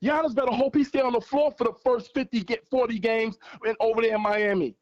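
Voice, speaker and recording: The recording is muffled, but this man's very high-pitched voice stays steady in tone and quick in pace. Calling in to a fan sports livestream, he argues passionately in a heated debate, repeating points for emphasis.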